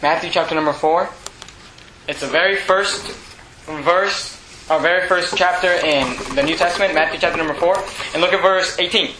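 A man preaching a sermon, emphatic, with bursts of loud, bold delivery. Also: a little high, moderate pace. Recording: echoey room, faint hum.

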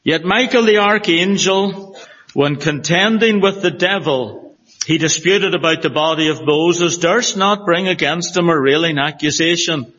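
A man's voice: fairly high pitch, unhurried, a bit bright. A man with a Northern Irish accent preaching an earnest, emphatic expository sermon in a church hall, with a prayer. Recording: dull audio with long hall reverb.

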